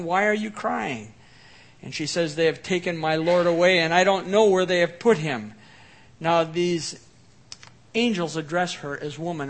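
A man preaching a sermon as pastor, earnest and varying his loudness for emphasis. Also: on the high side.

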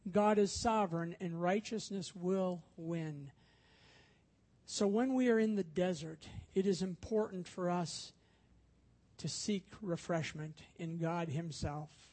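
A man's voice: sits high, slow, a little mellow. A man preaching a sermon, telling stories and acting out quoted voices with rising emphasis. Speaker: pastor.

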